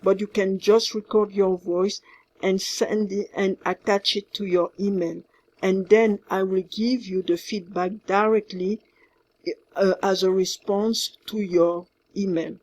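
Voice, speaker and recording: A woman with a French accent records instructions for her class. She talks slowly and carefully, repeating her points, with a slightly husky voice. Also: medium pitch, fairly even intonation, darkish tone. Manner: slow, careful, repeats herself, mixes in French words. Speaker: French teacher.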